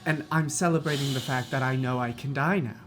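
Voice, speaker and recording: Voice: medium pitch, brisk, faint music behind. A player talking earnestly in character at a tabletop game, laughing now and then. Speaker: player voicing her character. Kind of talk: in-character tabletop role-play.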